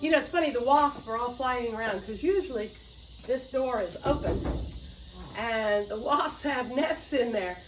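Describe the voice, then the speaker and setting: A woman's voice: a little high, normal speed. A woman host, chatting loosely and rambling between songs at home. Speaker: show host and singer. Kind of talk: casual chat and singing with ukulele. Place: home room with doors open to a yard. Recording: roomy, distant mic, loud music.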